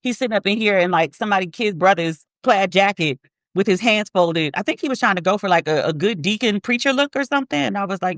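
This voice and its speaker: A podcast host who talks bluntly and profanely, not hiding how petty the take is. The voice sits at an ordinary middle pitch. The sound is dry and close, with no room around it. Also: lively intonation, fast talker, a bit bright, no echo. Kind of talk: casual commentary podcast.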